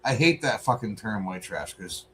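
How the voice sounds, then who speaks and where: A man, co-host of a podcast, telling a profane, animated story in casual chat. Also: fairly low pitch, normal speed, noisy background.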